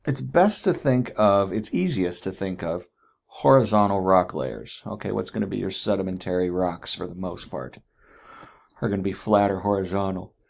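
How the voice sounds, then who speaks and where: A man's voice: low voice, moderate pace, creaky, a little mellow. A man teaching geology in a chatty recorded lecture, often asking "right?" and correcting himself as he goes.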